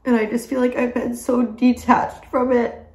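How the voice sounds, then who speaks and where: A woman's voice: fairly high pitch, little pitch movement, normal speed, mellow. Tearful young woman in an echoey room. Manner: emotional, tearful, laughing through tears. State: crying. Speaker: vlogger. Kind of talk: personal video diary. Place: home.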